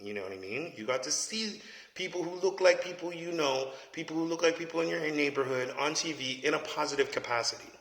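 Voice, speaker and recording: A man vents his opinions bluntly and profanely, checking in with "you know what I mean?" His voice sits somewhat high, with a gravelly edge and a sharp, bright tone. The recording rings with echo and a long reverb tail. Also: brisk. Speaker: commentator. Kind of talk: casual opinion rant. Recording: echoey space with long reverb.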